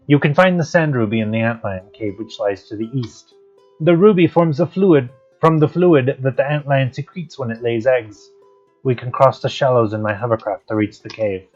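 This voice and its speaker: A man's voice: medium pitch, moderate pace, a little mellow, close to an everyday voice. A man reading the lines of a timid, grieving young prince from a game. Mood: sad. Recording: dull lo-fi stream audio, faint guitar music.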